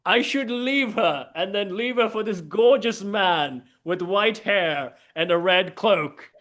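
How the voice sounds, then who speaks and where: A man's voice: high-pitched, slow, a bit bright, pitched above the performer's own voice. Self-pitying gothic husband, a man putting it on, overwrought comic whine. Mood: mock despair. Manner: overwrought, whiny self-deprecation. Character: self-loathing male gothic family patriarch. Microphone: video call.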